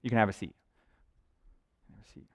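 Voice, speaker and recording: A man's voice: fairly quick, dry recording, clean studio sound. A male pastor preaching a sermon in an earnest, conversational way, often checking in with the congregation. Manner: conversational, earnest preaching with frequent "right?" asides. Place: church sanctuary.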